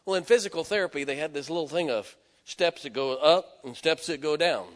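A man preaching a sermon, telling stories and swelling from hushed tones to loud exhortation. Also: a little high, brisk. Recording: echoey hall with long reverb.

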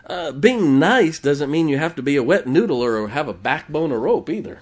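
A male preacher delivers his sermon in a folksy, chatty way, laughing often between points. His voice sits a little high for a man and swings up and down a lot. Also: lively intonation, normal speed, husky. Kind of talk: conversational sermon.

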